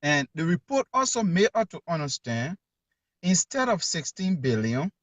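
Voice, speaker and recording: A man's voice: fairly high pitch, sing-song, moderate pace, dry recording, lo-fi sound. A man with a Liberian accent, a journalist calling in who argues emphatically and repeats his key words. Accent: Liberian English. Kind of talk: call-in talk show.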